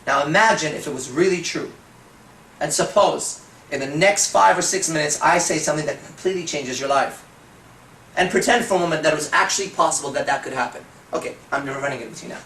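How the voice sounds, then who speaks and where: A man giving a seminar talk as a dating coach, telling stories, swearing, and slowing into hypnotic suggestion. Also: on the high side, a bit bright, a little hiss or hum. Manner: profane, storytelling, slows into hypnotic suggestion. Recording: echoey room from far off.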